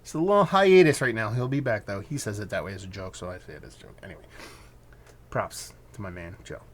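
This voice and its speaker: A man's voice: fairly low pitch, expressive, fast talker. A man giving a casual beer review, rambling loosely, swearing now and then, and correcting himself as he goes. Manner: muses aloud, trails off and corrects himself.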